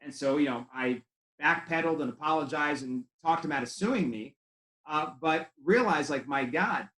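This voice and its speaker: A man's voice: on the high side, expressive, moderate pace, a bit bright, reverberant, low-quality recording. A man coaching chiropractors in a conversational way, telling stories with quoted dialogue. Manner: conversational storytelling with acted quotes. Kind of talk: training talk to chiropractors.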